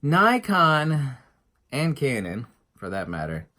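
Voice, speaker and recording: A man's voice: mid-range voice, wildly swooping pitch, takes it slowly, sharp tone. A middle-aged man giving an emphatic, sarcastic monologue as a photography vlogger, with frequent fillers and restarts. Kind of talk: opinionated casual monologue.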